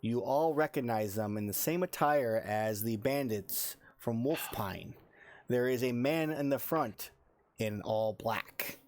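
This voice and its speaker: A man's voice: mid-range voice, slow, a little mellow. A man narrating a tabletop game as dungeon master, casually, with many ums and you-knows.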